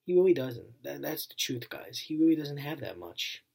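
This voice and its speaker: A man's voice: a little high, sing-song, moderate pace, creaky, a little mellow, breathy edge. A young man talking straight to camera in a heartfelt thank-you vlog, earnest and repetitive, with his voice wavering and choking up. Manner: earnest and repetitive, circling back to the same phrases. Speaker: channel owner.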